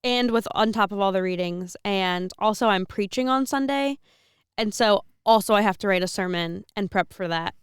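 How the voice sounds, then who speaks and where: A woman's voice: medium pitch, normal speed, clear, resonant tone, no echo, clean studio sound. A woman in her twenties, a seminarian co-hosting a podcast, chatting casually with frequent laughs and rambling restarts. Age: 20s.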